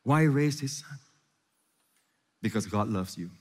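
A man preaching a sermon as pastor, impassioned, swinging from loud questions to hushed, tender reassurance. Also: fairly low pitch, animated, unhurried, slightly rough, big-room sound.

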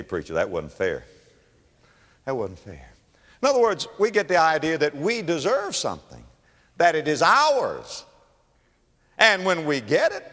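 Male preacher, sermon storyteller, animated and repetitive, forceful tone, reverberant hall. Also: on the low side. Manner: emphatic storytelling with repeated phrases. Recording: long reverb of a large hall.

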